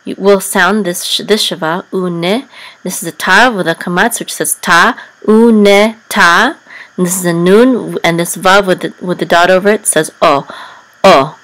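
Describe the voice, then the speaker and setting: A woman teaching Hebrew reading and Torah chanting, explaining step by step with many pauses and sung examples. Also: on the low side, steady tone, fairly bright tone, rough recording. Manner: patient, step-by-step, many ums, breaks into sung trope.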